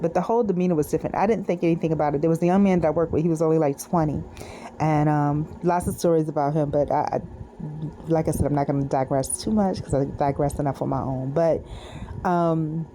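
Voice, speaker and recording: Soft, rambling middle-aged woman vlogger. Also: on the low side, a little hiss or hum. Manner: digressive, soft-spoken, musing with many fillers. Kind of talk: rambling personal video diary.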